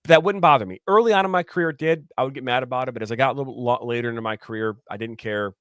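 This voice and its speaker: A man's voice: mid-range voice, racing, clear, resonant tone, no echo. Guy chatting about reffing days, dry close mic, acts out the quotes, lots of restarts. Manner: animated storyteller acting out quotes, many restarts. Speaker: former soccer referee, podcast guest. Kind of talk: casual storytelling chat.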